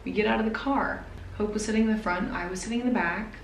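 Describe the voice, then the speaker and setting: A woman's voice: mid-range voice, a little hiss or hum. Nervous woman in an echoey room. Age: 20s. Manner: nervous, emotional, halting. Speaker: vlogger. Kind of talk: personal confessional vlog.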